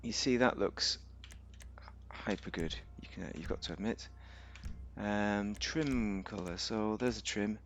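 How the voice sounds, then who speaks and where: Speaking a little slowly in a lowish voice, this man reviews a game with loose, casual commentary, full of fillers and restarts as he thinks aloud. Slight background noise is audible.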